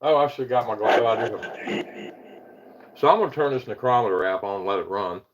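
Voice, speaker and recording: The highs are cut off in this clip of a man from the Eastern United States running a laid-back paranormal stream. Fairly low-pitched and fairly quick, he drifts along self-deprecatingly, chuckling often and saying hello to viewers individually.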